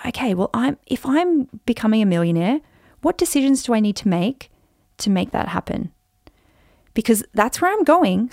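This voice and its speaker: A woman in her forties hosting a podcast, telling a personal story in an animated, chatty way with lots of fillers. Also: mid-range voice, creaky, dry recording, studio quality. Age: 40s. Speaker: podcast host.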